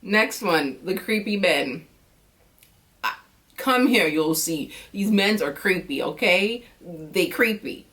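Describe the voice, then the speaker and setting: An American woman talking casually in an animated, chatty way, acting out quick reactions as she tells stories. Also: mid-range voice. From United States. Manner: animated, chatty storytelling with lively quoted reactions. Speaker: vlogger. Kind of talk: casual chat.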